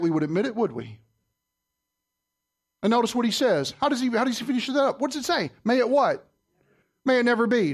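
A man preaching a sermon in church, quizzing his listeners and swinging between loud and soft. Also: extremely high pitch. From Southern United States. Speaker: pastor.

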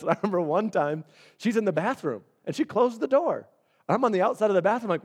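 Fast and high-voiced, a man preaches a sermon as a pastor in an animated, conversational manner. He acts out little dialogues as part of it.

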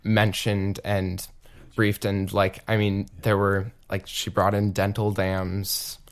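A man's voice: lowish voice, completely flat delivery, slow. A young man chatting casually as a podcast guest, peppering his speech with "like". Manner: casual, many "like" fillers. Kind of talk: casual conversation.

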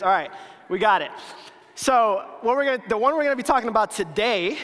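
Young guy giving a laid-back youth talk, says like a lot, trips over words, high voice, big echoey hall. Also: lively intonation, quick pace, a bit bright. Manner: chatty, full of "like" and restarts, self-mocking. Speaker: youth speaker. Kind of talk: casual youth sermon. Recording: long hall reverb.

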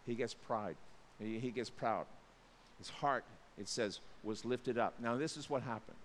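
A man's voice: mid-range voice, unhurried, long reverb tail, a little hiss or hum. A man preaching a sermon as a pastor, telling stories in a casual, joking way.

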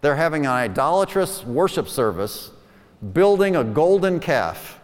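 A man's voice: on the high side, big pitch swings, measured pace, in a large hall. A man preaching a sermon in a conversational style, asking rhetorical questions and quoting scripture.

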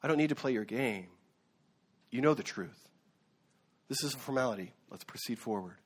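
A man voicing a calm, unflinching man on trial before a council, speaking matter-of-fact and plain. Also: mid-range voice, normal speed, slightly rough, pitched below the performer's own voice. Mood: calm, resolute.

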